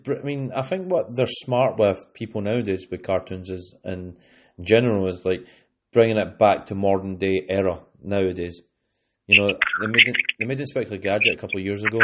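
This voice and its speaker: Brief: young Scottish guy, low voice, rambly podcast host, muffled recording. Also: a bit bright. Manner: rambling, with many "you know what I mean" fillers. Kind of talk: casual chat.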